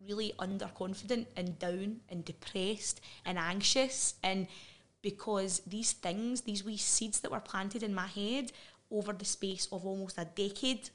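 Frank Scottish woman recounting her story. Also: medium pitch. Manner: earnest, frank, quick asides and laughs. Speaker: podcast guest. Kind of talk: candid personal interview.

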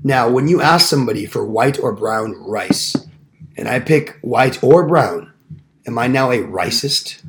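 A man's voice: mid-range voice, expressive, a little slow, background noise. A young man hosting a casual podcast, telling goofy, boastful stories. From Mexican heritage. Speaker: podcast host.

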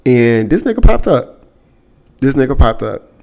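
A young adult man hosting a podcast, telling a personal story in a candid, profane, casual way and getting animated when he quotes other people. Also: medium pitch, measured pace, vocal fry. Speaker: podcast host.

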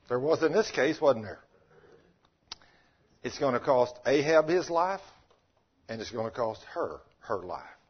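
A man's voice: medium pitch, slightly rough, highs cut off. A man preaching a sermon in a folksy, conversational way, often asking the congregation questions.

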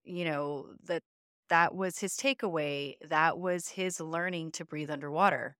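A woman's voice: deep voice, steady tone, unhurried, a bit bright, clean tone, no echo, studio quality. A woman podcast co-host telling a personal story in an earnest, emotional, conversational way. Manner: earnest, emotional, uses many fillers.

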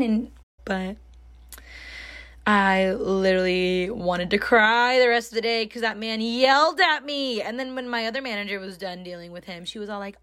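A young woman telling a story in a casual, chatty way, full of fillers and animated when she quotes people. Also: medium pitch, moderate pace. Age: young adult. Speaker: storytime host.

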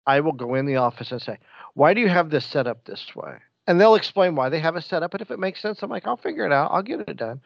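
A man who drives a bus, chatting casually and telling stories with jokes and lively quoted asides. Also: fairly high pitch, quick pace, gravelly, no room sound, dull audio. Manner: joking, animated storytelling. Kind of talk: casual chat.

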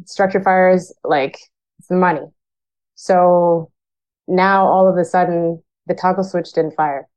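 A woman's voice: fairly low pitch, steady tone, slow, a little mellow, poor audio. A woman from Canada who works as a firefighter, telling her story frankly and plainly, acting out remembered conversations. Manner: frank, plain-spoken, acts out remembered dialogue. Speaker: firefighter guest. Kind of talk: candid personal storytelling.

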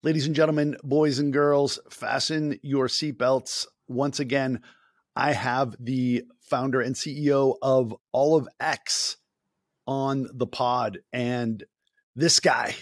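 A man's voice: mid-range voice, fairly even intonation, slow pace, no echo. An upbeat man hosts a podcast interview. He introduces his guest with a showman's flair. His voice is recorded dry, with no room sound around it. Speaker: podcast host.

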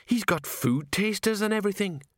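A jittery middle-aged watch sergeant, as a male reader puts him on, his voice pushed up high and swooping with worry. He frets and protests in a storybook reading, dry and close. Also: expressive, moderate pace, fairly bright tone, no room sound. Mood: aghast. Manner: worried, protesting questions. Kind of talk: audiobook character voice.

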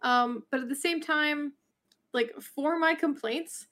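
A woman's voice: high voice, slow, fairly bright tone. Rambling woman podcast co-host. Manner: rambling, thinks aloud with many restarts. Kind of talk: casual chat.

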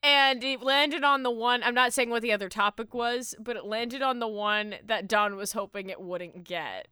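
Giggly young woman with a crisp voice. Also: a little high, normal speed, hardly any pauses, sharp tone, dry recording. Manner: giggly, rambling, frequent restarts. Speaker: podcast co-host. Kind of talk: casual podcast chat.

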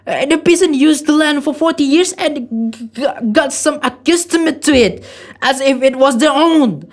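A man playing a nervous, hypochondriac young suitor who gets agitated and shouts in a quarrel. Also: very high-pitched, moderate pace. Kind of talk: amateur stage play reading.

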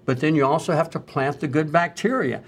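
Animated storytelling man, a doctor. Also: a little high, fairly quick. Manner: animated storyteller, acts out quoted voices. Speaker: doctor, co-host. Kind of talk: casual conversational storytelling.

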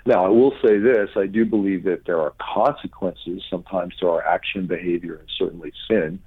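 A man's voice: a little fast, husky. A middle-aged man, a pastor, telling healing stories in an interview and acting out the people he quotes. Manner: animated storyteller, acts out quotes with high pitch jumps. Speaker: pastor and author, guest. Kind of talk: conversational interview, storytelling. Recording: tinny phone-line audio.

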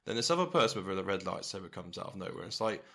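A man's voice: sits low, big pitch swings, racing, gravelly, sharp tone. A man co-hosting a casual podcast, thinking aloud with hesitant, questioning talk. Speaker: podcast co-host. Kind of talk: casual chat.

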